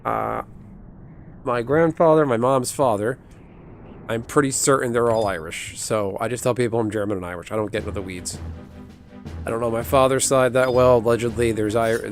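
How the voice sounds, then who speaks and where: A young man talks casually to his stream audience, drifting from one wry aside to the next. His voice sits at an ordinary middle pitch. Game music plays clearly behind him. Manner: rambling, wry, chatty asides to chat. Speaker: gaming streamer. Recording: music playing underneath.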